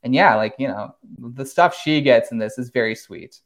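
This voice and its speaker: A man in casual podcast talk, recapping plot points with quick enthusiasm and easy laughs. His voice sits in a middle register and he drops the odd curse word when something excites him. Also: medium pitch. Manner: animated recapper, swears, laughs often. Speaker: podcast host.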